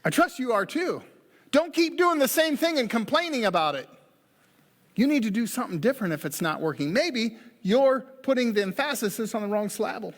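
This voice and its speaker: Male pastor, high voice, folksy preaching, long church reverb. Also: big pitch swings, normal speed, fairly bright tone. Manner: folksy, joking asides. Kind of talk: sermon. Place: church sanctuary.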